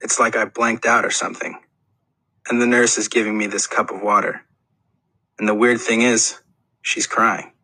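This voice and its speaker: Man, audiobook narrator, earnest plain storytelling, low-pitched, bright edgy tone. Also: fairly even intonation, normal speed, vocal fry, pauses often, husky, dry recording, rough recording. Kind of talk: first-person audiobook narration.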